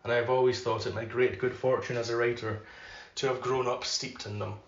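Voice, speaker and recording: Guy reading lit aloud, slow and careful, bit of room echo, kinda dull sound. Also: mid-range voice, little pitch movement. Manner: measured, unhurried reading; loose and filler-heavy when chatting. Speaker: podcast host reading aloud. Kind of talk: literary reading. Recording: roomy, slightly dull recording.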